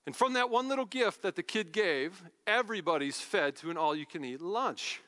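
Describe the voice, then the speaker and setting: A male pastor delivers a sermon in a high, very animated voice with a bright, forceful edge. He tells the story casually, slipping into everyday voices for the figures. The sound carries a long hall reverb. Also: normal speed.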